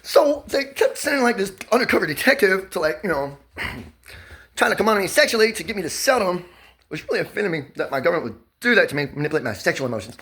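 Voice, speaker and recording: A young man in his twenties pours out a rambling monologue, his pitch leaping wildly up and down. He swears freely and tips from laughter into near tears into shouting. The delivery is loud and restless throughout. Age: 20s. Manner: pressured rambling speech, swings between laughing, crying and shouting; loud and expressive, heavy swearing. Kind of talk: emotional monologue to camera.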